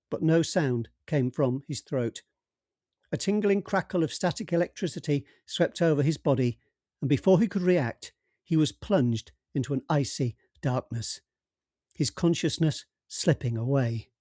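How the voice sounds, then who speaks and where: A man's voice: on the high side, unhurried, warm tone, dry recording, clean studio sound. A man narrating his own science fiction comedy, then chatting hesitantly to listeners. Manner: hesitant, with fillers and restarts in the chat. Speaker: author and narrator. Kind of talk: storybook narration and casual chat.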